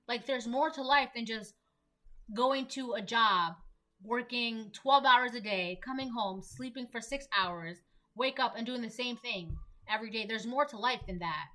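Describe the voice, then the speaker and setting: Bright-voiced woman giving a tarot reading. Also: fairly high pitch. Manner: emphatic, repetitive, lots of "like". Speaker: tarot reader. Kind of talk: collective tarot reading, casual monologue.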